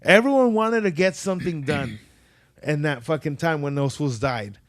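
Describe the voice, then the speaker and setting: A man's voice: on the high side, normal speed, no echo, studio quality. A man telling stories in casual podcast chat, swearing freely and acting out the people he quotes. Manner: profane storytelling, animated quoted voices.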